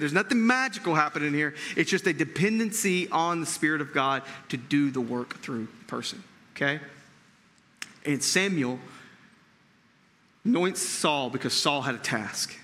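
This pastor's voice sits on the high side, with a sharp tone and a moderate pace, and it carries the sound of a big room. He preaches conversationally, often checking in with his listeners and repeating words as he thinks.

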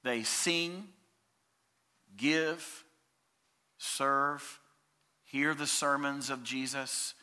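Delivering a sermon in a medium-pitched voice, this male pastor is emphatic throughout, moving between booming declarations and quiet, stretched-out words.

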